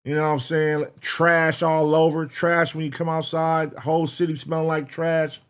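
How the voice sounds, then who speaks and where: A man's voice: on the high side, level tone, moderate pace, smooth. Male reaction streamer, casual and profane, chatty with the audience. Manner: profane, rambling, talks to chat. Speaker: reaction show host.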